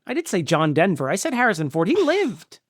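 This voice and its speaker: A male podcast co-host in casual movie-review chat, ranting in an exasperated way and quick to laugh. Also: sits high, wildly swooping pitch, no room sound, studio quality.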